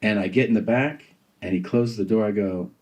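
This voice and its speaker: A man's voice: on the low side, a little fast, a little mellow. A male comedian telling a story in casual podcast chat. He swears freely, laughs as he talks and mimics the people in his story. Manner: profane, laughs while telling, mimics other people's voices.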